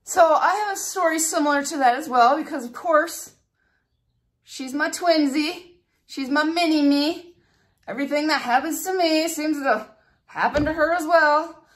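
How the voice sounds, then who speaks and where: A woman beauty vlogger telling stories and walking through a hair tutorial in a chatty, animated way. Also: high-pitched, a little slow. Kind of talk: casual storytelling and hair tutorial.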